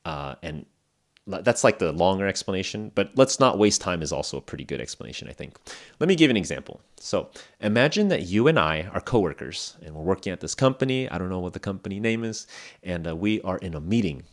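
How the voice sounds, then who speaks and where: Man, young adult, low pitch, animated intonation, casual podcast teacher, chatty. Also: fairly quick. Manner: relaxed, chatty, lots of fillers and acted examples. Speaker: English podcast host and teacher. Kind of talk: casual spoken English lesson.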